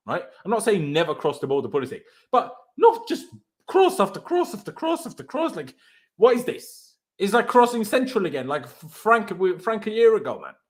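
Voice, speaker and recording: A young man hosts a fan reaction stream in a high, lively voice. His pitch swings up and down as he rants in exasperation and fires off question after question. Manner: exasperated, ranting with repeated rhetorical questions. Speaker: host of a football reaction stream. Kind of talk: heated post-match fan reaction chat.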